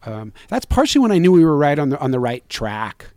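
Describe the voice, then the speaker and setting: A man's voice: a little high, big pitch swings, a little fast, a little mellow, no echo. A man, a filmmaker guest, speaking earnestly, rambling through many restarts and fillers. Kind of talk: conversational interview answer.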